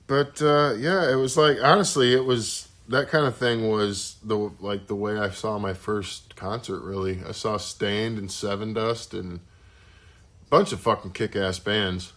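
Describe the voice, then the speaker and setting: A man's voice: fairly low pitch, fairly even intonation, measured pace, fairly bright tone. Rambling laid-back man in casual chat. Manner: rambling storyteller, swears often. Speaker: podcast co-host.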